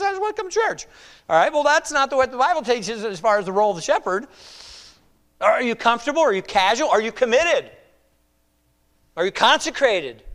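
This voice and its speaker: A middle-aged man preaching a conversational, animated sermon, acting out quoted voices. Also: high voice. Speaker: pastor.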